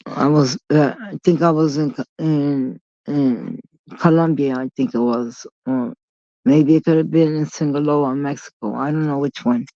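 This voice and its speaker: A woman's voice: low-pitched, fairly even intonation, moderate pace, dark tone, no room sound. A woman vlogger telling a long story in a rambling, digressive way, blunt and full of swearing. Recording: dull lo-fi recording.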